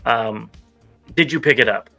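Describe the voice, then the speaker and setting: A man co-hosting a casual toy news show, running through items with quick, relaxed asides. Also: mid-range voice, vocal fry, faint music behind. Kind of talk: casual chat.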